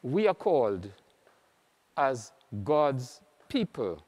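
A man with a Trinidadian accent, a priest preaching an earnest, measured sermon with many pauses. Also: mid-range voice, sing-song, a little mellow. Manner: earnest, measured, pausing often. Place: large church. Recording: long church reverb.

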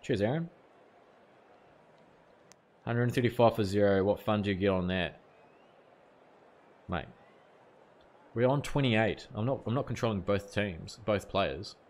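A man's voice: fairly low pitch, measured pace, long pauses, a little mellow. A young man from New Zealand with a New Zealand accent, casually commentating a cricket game while chatting with his viewers. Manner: casual, chatty, reads out chat messages, mild swearing. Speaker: gaming streamer.

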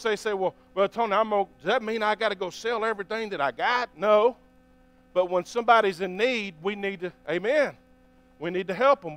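A man's voice: sits high, clean tone, no room sound. Man, pastor, sermon, asks for amens, reads scripture aloud, close dry sound. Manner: preaching, often asking listeners for an amen.

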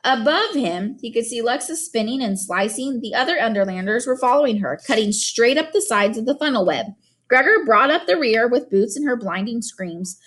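A woman's voice: on the high side, expressive, normal speed, fairly bright tone. A woman teacher reading a novel chapter aloud to her students, then chatting expressively about it.

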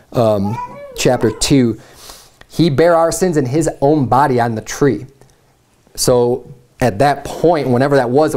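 A man's voice: medium pitch, darkish tone. A man preaching a sermon as pastor, reading scripture aloud with earnest, rising emphasis.

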